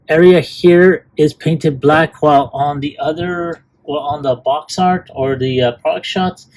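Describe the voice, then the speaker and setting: A man hosting a casual toy unboxing review, rambling with fillers and restarts. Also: on the high side.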